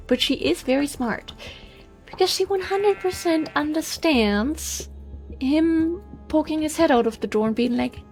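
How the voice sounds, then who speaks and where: Gravelly-voiced young woman chatting. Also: high voice. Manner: chatty, rambling storytelling. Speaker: let's play host. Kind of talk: casual gaming commentary.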